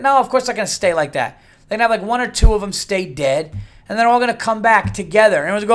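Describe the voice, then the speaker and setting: A man's voice: high-pitched, animated, fast. A middle-aged man hosting a casual solo podcast, talking bluntly and profanely and rambling through restarts. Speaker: podcast host.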